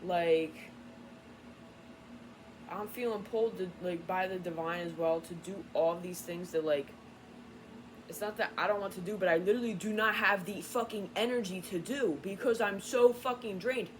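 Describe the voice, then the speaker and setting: A woman's voice: mid-range voice, normal speed, a little hiss or hum, rough recording. Irritated, foul-mouthed woman venting. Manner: irritated, profane, rambling; grows louder and more heated. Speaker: tarot reader. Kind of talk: unscripted vlog rant.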